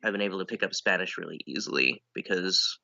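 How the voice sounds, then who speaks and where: A man's voice: sits low, quick pace, vocal fry, pushed and bright, dry recording, muffled recording. A man chatting casually as a comedian guest, dry and self-deprecating, rambling through his answers.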